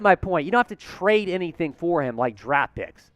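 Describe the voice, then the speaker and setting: A man hosting a live sports news show, talking with hyped excitement and getting out of breath. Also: fairly high pitch, normal speed, no room sound. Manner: excitable, hyped, chants and cheers.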